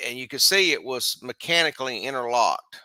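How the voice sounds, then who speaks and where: A man's voice: mid-range voice, animated, a little fast, sharp tone, dry recording. A middle-aged man, rambling through a long story as host of a live stream, restarting phrases and chuckling. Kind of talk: casual storytelling, recounting a dream. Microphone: live stream mic.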